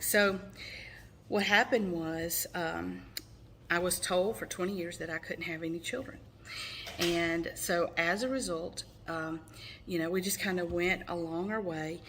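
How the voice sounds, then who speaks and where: A woman in her forties with a lowish voice tells her own story straight to the camera. She speaks earnestly, with frequent ums and restarts, and a faint hiss of background noise sits under her voice. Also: fairly bright tone. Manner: earnest, storytelling with many fillers. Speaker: mother sharing her testimony. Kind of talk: personal testimony to camera.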